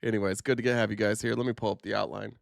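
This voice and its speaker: A man hosting a casual political commentary livestream, sarcastic and animated, his voice stuffed up from a sinus infection, jumping higher when he gets indignant. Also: very fast, creaky, no echo, studio quality. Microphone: livestream camera setup.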